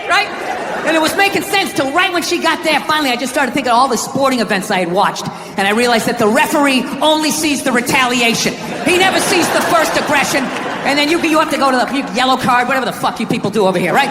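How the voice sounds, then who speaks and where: Loud ranting man doing stand-up. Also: very high-pitched, expressive, fast talker. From United States. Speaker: stand-up comedian. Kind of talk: stand-up comedy set. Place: comedy stage before a live audience. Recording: echoey live hall with crowd noise.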